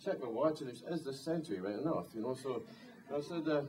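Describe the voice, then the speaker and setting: A man's voice: medium pitch, animated, quick pace, a crowd in the background. A man and singer-songwriter introducing a song at a live concert, telling a rambling story with dry humor. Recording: distant live concert recording, faint guitar.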